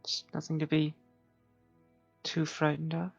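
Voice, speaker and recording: Calm gravelly player on a dull mic. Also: mid-range voice, unhurried, no room sound, soft background music. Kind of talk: in-character tabletop talk. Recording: dull lo-fi microphone.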